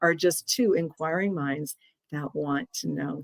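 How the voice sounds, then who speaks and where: Earnest low-voiced woman host in her 60s. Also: gravelly, a bit bright, dry recording. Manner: earnest, halting with restarts. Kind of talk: interview conversation.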